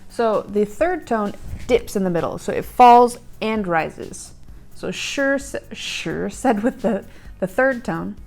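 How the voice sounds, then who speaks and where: Woman host, chatty lesson, fillers, mid pitch, soft background music. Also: expressive, slow pace, creaky. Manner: chatty, with fillers, glances at notes. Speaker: host and language learner. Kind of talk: friendly explanatory lesson.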